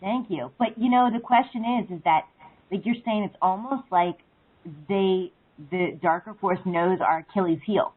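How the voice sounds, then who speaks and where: A woman calling into a talk show over the phone. She rambles through her thoughts, filling them with "like" and "um". Her voice is a bit husky and comes through thin and narrow. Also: medium pitch, normal speed. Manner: rambling, full of "like" and "um". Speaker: caller. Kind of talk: casual phone-in chat. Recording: phone line.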